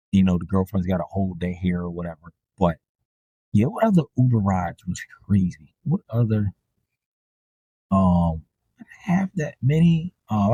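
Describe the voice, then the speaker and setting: Animated husky-voiced storyteller. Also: male voice, dry recording. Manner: animated, profane, voice jumps high when reenacting reactions. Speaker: podcast host. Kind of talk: casual storytelling monologue.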